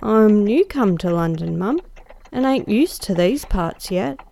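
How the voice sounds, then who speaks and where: A woman voicing a befuddled male London cab driver who talks in a hoarse, wheezy whisper. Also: mid-range voice, animated, measured pace, warm tone. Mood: mumbling.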